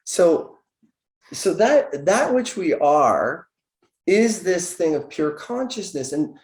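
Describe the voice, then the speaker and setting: A man's voice: high voice, big pitch swings, slow pace, darkish tone. A man guest speaking as a naturopathic doctor, giving an earnest, searching spiritual explanation. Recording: echoey room.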